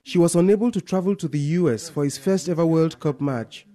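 Male field reporter reading narration, measured and a little high-pitched, with a dark tone. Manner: measured, storytelling delivery. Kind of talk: scripted news narration.

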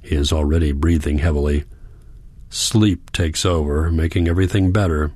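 Deep-voiced man reading an audiobook. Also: steady tone, moderate pace, a little mellow, breathy edge, dry recording. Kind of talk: audiobook narration, first person.

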